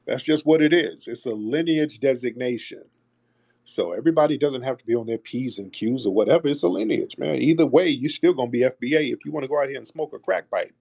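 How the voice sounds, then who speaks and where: A man runs a call-in show and argues hard, talking over callers and saying things twice. His voice sits at a middle pitch. The sound is dry and close. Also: creaky, husky, dry recording. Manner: forceful, repeats himself, cuts callers off. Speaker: host of a call-in audio show. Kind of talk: argumentative call-in talk.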